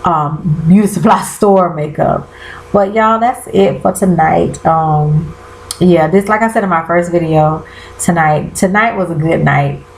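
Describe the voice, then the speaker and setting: A woman's voice: fairly low pitch, a little slow, reverberant, a little hiss or hum, rough recording. A woman chatting casually to her viewers, calling them y'all and exclaiming as she recaps a TV episode. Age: 30s. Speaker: vlogger. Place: bedroom at home.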